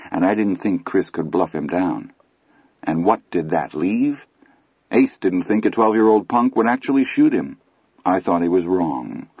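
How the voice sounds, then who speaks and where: A man narrating a first-person audiobook story in a measured, grave manner. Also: low voice, a little mellow, slightly rough, dry recording. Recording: slightly muffled recording.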